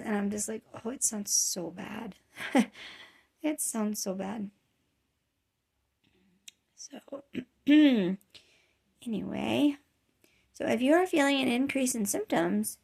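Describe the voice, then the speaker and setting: A woman in her thirties speaks in a mid-range, darkish voice with vocal fry. In a casual personal vlog, she talks candidly and rambles with lots of fillers and restarts, worn down by chronic nausea.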